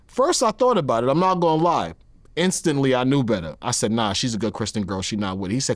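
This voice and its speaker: A man in his thirties, talking as a guest in a close, dry studio sound. He tells his story in a lively, candid way, slipping into the voices of the people he quotes. His pitch sits in the middle for a man. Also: fast talker, no echo. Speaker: interview guest.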